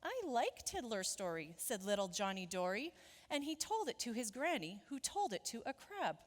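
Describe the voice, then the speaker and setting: A woman pastor reading a children's storybook aloud in an animated, playful voice as part of a sermon in a church. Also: a little high, moderate pace. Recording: echoey church hall.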